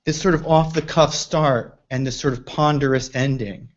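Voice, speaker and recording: A man's voice: medium pitch, steady tone, moderate pace. A man giving reflective commentary on a poem, thinking aloud with restarts. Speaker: poetry reader and commentator. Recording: dull lo-fi recording.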